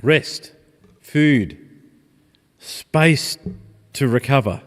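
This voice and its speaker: A male preacher with a mid-range voice gives a reflective, gently paced sermon. He mixes warm personal confession with scripture. The sound carries a long church reverb. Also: mid-range voice, extremely slow.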